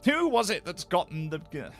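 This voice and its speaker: A man's voice: a little high, sing-song, slow pace, soft background music, exaggerated voice. Guy doing a swaggering toad in a washerwoman disguise, gleeful, voice all over the place. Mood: boastful. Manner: swaggering, gleeful, loud boasting. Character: boastful male toad posing as washerwoman.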